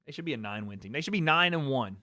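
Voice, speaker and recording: A young man hosting a live watch-party stream, chatting casually and excitably, swearing freely as he reacts. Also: mid-range voice, rapid-fire, dry recording, studio quality. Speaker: livestream host.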